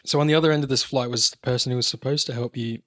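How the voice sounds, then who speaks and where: A man's voice: medium pitch, fairly even intonation, very fast, fairly bright tone. A man hosting a casual podcast chat, reacting to a story with short swearing remarks and follow-up questions.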